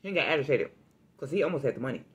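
A woman hosting a casual food vlog, talking straight to her viewers and telling a story in a lively, chatty way. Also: extremely low pitch, racing, lo-fi sound. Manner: chatty, addresses viewers directly, animated storytelling. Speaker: food vlogger.

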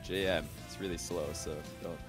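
A male gamer chatting casually with a teammate, giving relaxed, mumbled callouts during a match. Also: sits low, moderate pace. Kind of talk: casual team voice chat. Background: music.

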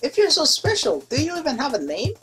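A woman's voice: sits high, huge pitch swings, quick pace, fairly bright tone, full character voice. A woman voicing a blunt, sarcastic cartoon character, over background music. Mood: snarky. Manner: sarcastic, dismissive.

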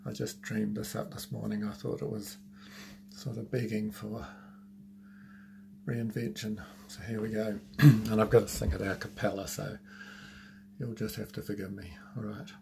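A man casually introducing a song he wrote, soft-spoken and apologetic. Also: lowish voice, little pitch movement, normal speed, vocal fry, noisy background. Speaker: amateur singer introducing his song.

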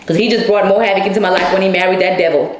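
A woman's voice: medium pitch, fairly even intonation, rapid-fire, a little hiss or hum. Blunt swearing woman telling a story. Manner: blunt, heavy swearing, addresses viewers as y'all. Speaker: storyteller vlogger. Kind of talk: casual storytime monologue. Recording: echoey room.

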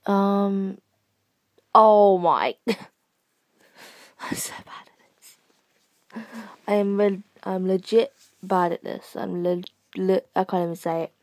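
A woman's voice: medium pitch, mellow, no room sound. A young woman casually commenting on her own game play from her bed, giggling and mocking herself, sometimes dropping to a whisper. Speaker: gaming channel host.

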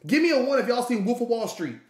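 A man telling a story to a live audience, animated and profane, acting out the people in it. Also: extremely high pitch, fast talker, echoey room. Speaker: streamer.

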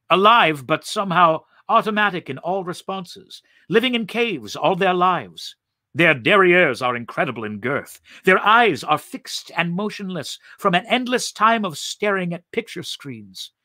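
A man voicing a timid, bewildered Martian man who speaks softly and hesitantly. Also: high-pitched, dry recording, studio quality, voice pushed up, exaggerated voice. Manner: soft, hesitant, polite.

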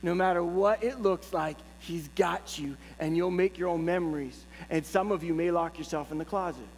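A middle-aged male pastor preaching a sermon, telling a personal story in a lively, humorous way. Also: a little high, moderate pace. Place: church sanctuary. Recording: long church reverb, faint hum.

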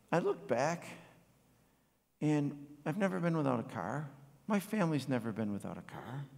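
A pastor in his forties preaching a sermon, swinging from loud passionate bursts to quiet, reflective storytelling. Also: medium pitch, creaky. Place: church sanctuary. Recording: long hall reverb.

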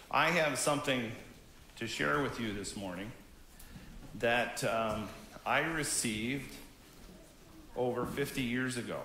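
A man in his fifties, a pastor from Canada, giving a gentle, conversational children's message during a church service. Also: medium pitch, echoey room, a little hiss or hum. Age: 50s. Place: church sanctuary.

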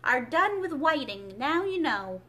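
Storybook Gryphon, impatient and solemn, high bright voice, read by a woman. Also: very animated, exaggerated voice. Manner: brisk, impatient.

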